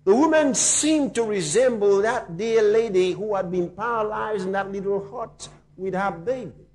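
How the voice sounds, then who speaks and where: A male pastor telling a story in a sermon, swinging dramatically from hushed tones to shouting. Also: very high-pitched, expressive, normal speed.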